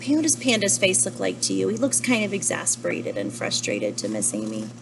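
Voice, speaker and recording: A young woman teacher reads a children's picture book aloud, pausing gently to ask her young listeners questions. Her voice sits at a middle pitch, and there is a noticeable hiss throughout the recording. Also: wildly swooping pitch, vocal fry. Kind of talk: children's story read-aloud.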